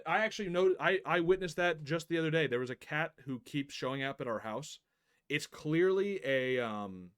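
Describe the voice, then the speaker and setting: A young man chatting on a live stream, telling stories with lively energy, laughing often and swearing casually. His voice sits in a medium register and he reads game narration between asides, recorded on a desk mic at home. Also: mid-range voice.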